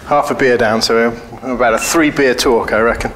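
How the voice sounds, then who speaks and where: A man's voice: mid-range voice, steady tone, brisk, a bit bright, slight background noise. A man giving a casual conference talk, blunt and joking, telling anecdotes and swearing freely. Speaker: conference speaker. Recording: echoey hall.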